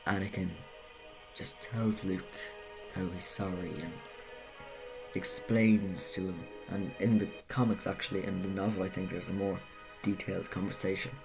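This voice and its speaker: A man's voice: low-pitched, fairly even intonation, normal speed. A man narrating a casual video essay, talking conversationally with self-correcting asides. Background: music.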